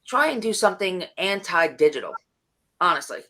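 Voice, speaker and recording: A woman, a founder and CEO, giving business advice in a casual panel chat, with an animated, comic delivery full of acted-out quotes. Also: lowish voice, a little fast.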